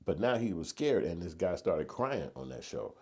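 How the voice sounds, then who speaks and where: A man's voice: low voice, very animated, normal speed, darkish tone, slightly rough. A man giving a casual, slangy opinion monologue that builds to emphatic rants. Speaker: commentary vlogger.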